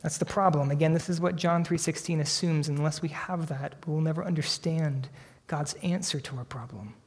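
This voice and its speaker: A pastor delivering a sermon in a somewhat high voice, his words ringing out with a long reverb as in a church sanctuary. He preaches earnestly, building to emphatic peaks before dropping to soft, hushed lines. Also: normal speed, breathy edge.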